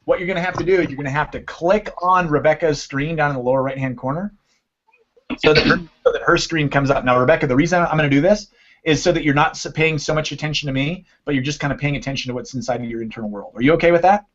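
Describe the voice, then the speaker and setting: A man's voice: a little high, quick pace, fairly bright tone. Man, coach, online class, conversational teaching, slightly dull call audio. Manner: conversational teaching, frequent "right?" and "okay". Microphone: computer mic on a video call.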